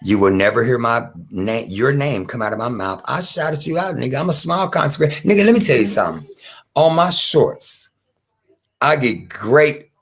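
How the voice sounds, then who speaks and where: Male streamer with a gravelly, mid-pitched voice. He rants off the cuff, chatty with his audience and cursing hard at a critic. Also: expressive, normal speed. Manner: heated, profane, addresses a critic directly. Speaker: small online creator hosting his own stream. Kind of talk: unscripted rant to viewers.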